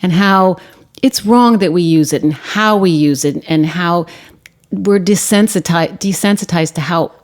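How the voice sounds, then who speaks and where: A woman filmmaker telling a story in conversation, acting out the people she quotes and dropping to a hush on grim parts. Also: unhurried. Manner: acts out quoted voices, shifting pitch and volume; drops to a hushed, quiet tone on grim topics. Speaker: guest, documentary filmmaker.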